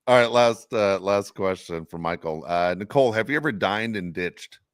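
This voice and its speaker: Low-voiced man, animated storyteller. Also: moderate pace, clear, resonant tone, dry recording, clean studio sound. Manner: animated storytelling, laughs often. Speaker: podcast co-host. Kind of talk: casual chat.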